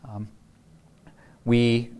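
Brief: male pastor, relaxed storytelling sermon, middle pitch, frequent restarts. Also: extremely slow. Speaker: Lutheran pastor.

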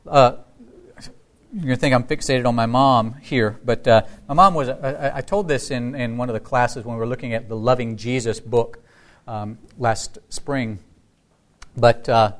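A man preaching a sermon as a Lutheran pastor, telling stories conversationally with frequent restarts. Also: medium pitch.

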